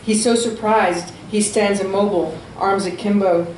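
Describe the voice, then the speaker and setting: A woman reading her own fiction aloud at a small venue, with steady, expressive storytelling. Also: medium pitch, moderate pace, echoey room, a little hiss or hum, poor audio. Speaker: author.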